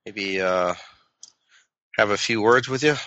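A man playing a smooth-talking male drifter, slick and flirtatious. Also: fairly low pitch, takes it slowly, sharp tone, no echo, highs cut off. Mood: flirty.

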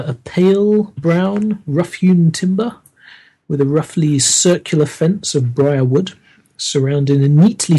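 A man's voice: a little high, mellow, slightly rough. A man as game master, narrating a tabletop horror game in a hesitant, descriptive way with many fillers.

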